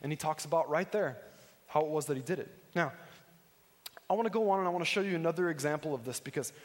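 A man's voice: on the high side, fast talker, in a large hall. A man preaching a sermon as a pastor, earnest and conversational, often putting direct questions to the congregation.

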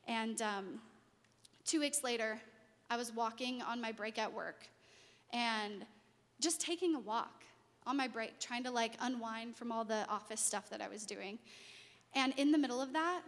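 High-voiced woman telling her story in a reverberant hall. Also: normal speed. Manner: animated storytelling, acts out quoted voices, laughs. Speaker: speaker sharing a testimony. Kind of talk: personal testimony talk.

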